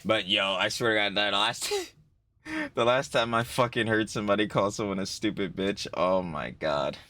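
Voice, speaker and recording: Low-voiced man riffing profanely. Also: normal speed, sharp tone. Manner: profane, rambling, lots of filler. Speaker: reaction streamer. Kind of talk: casual reaction talk.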